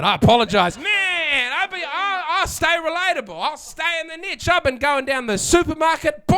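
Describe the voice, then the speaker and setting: A man's voice: extremely high pitch, bright, forceful tone, clear, resonant tone. A man doing a sardonic stand-up set, chatting with the crowd and acting out quotes. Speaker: stand-up comedian. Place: comedy venue with live audience.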